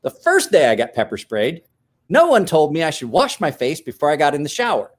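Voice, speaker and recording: A man's voice: on the high side, wildly swooping pitch, a little fast. A man in his forties telling a story in casual chat as host, acting out quotes with big jumps and laughs.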